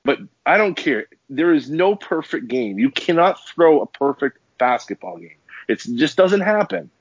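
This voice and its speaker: A man's voice: a little high, normal speed, slightly rough, no echo. Ranting male sports podcaster, lo-fi. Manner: ranting, animated, stumbling restarts. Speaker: podcast co-host. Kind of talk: heated casual sports talk. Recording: dull dry lo-fi podcast audio.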